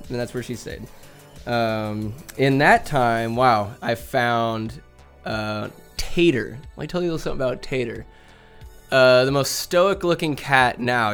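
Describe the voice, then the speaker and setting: With a medium-pitched, slightly bright voice, a young vlogger from Northern California spins rambling, talkative cat tales in a home room with a bookcase, peppering them with swearing and laughter.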